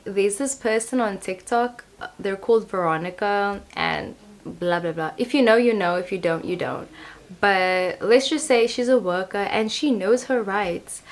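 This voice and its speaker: Chatty young woman doing a tarot reading. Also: mid-range voice. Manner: chatty, playful, laughs at herself. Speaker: tarot reader. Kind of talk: casual tarot reading to camera.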